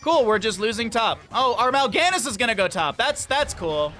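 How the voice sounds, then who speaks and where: Bright, high-voiced rambling male streamer. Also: animated, faint music behind. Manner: rambling, profane storytelling with quick asides to chat. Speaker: gaming streamer. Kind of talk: casual livestream commentary while playing.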